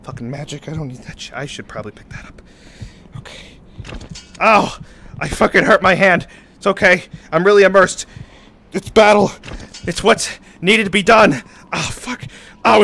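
A man streaming a game live, yelling reactions and making mock-heroic boasts at a desk mic. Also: high voice, normal speed, gravelly, long pauses.

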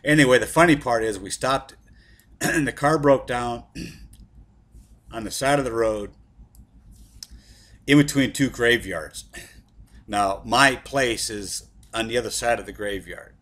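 A man's voice: medium pitch, takes it slowly, long pauses, a bit bright. A middle-aged man telling a comic story about his past in a rambling, profane way, full of asides.

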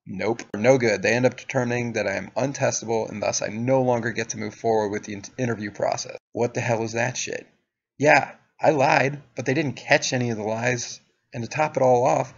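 A young man recounts a story to camera in a casual, profane, sardonic tone. His voice is gravelly and husky. The recording sounds dull and lo-fi. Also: mid-range voice. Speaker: vlogger.

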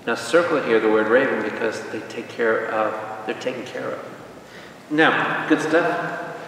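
A man, a priest, leading an informal Bible study, lively and joking, asking the group questions. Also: mid-range voice, measured pace, slight background noise. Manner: jokey, lively teaching with asides and questions to the group. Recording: echoey hall, voice from far off.

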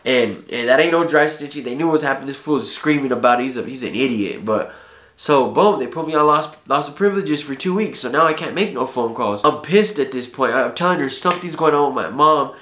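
Male vlogger, casual heartfelt storytelling, street slang and profanity, mid-pitched, roomy echo. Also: fairly quick, fairly bright tone. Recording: echoey room.

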